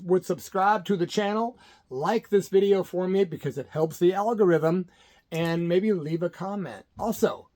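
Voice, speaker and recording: A man's voice: high-pitched, darkish tone. A middle-aged man from Illinois, hosting his own channel and telling a story in a laid-back, jokey way. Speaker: channel host. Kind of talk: casual storytelling to camera.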